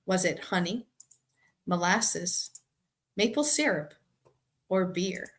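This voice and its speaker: Low-voiced and animated, a Boston woman with a matching accent hosts a trivia live stream at a slow pace. Her talk is easy and chatty as she reads viewer comments aloud.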